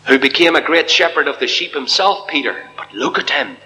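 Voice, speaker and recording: Guy preaching a fiery sermon in church, sharp bright voice, big echoey hall, goes from hush to soaring. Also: fairly high pitch, expressive, fairly quick, few pauses. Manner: impassioned, swinging from hushed to soaring. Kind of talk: evangelical sermon. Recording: long reverb of a hall.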